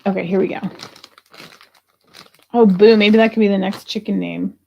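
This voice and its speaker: A woman's voice: mid-range voice, fairly even intonation, fast, vocal fry, highs cut off, slight background noise. A woman hosting a live jewelry sale, chatting casually and thinking aloud as she prices pieces, with the odd grumble. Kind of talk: casual live selling chat.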